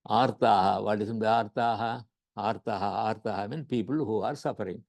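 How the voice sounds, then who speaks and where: A yoga teacher with an Indian accent lectures on scripture in a gravelly, mellow voice of fairly low pitch at normal speed. He repeats his words and often checks in with "right?".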